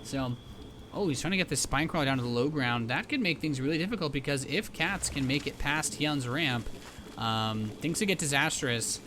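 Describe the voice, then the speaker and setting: A man is casting a live esports match, chatty and rambling, with plenty of fillers and restarts, and he has the hiccups. His mid-range voice is expressive and moves at normal speed. Background noise is present.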